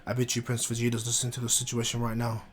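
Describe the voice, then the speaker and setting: A man voicing a calm, all-powerful alien guardian with a soft, measured, reassuring manner, close to his own voice. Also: medium pitch, slight background noise, close to an everyday voice.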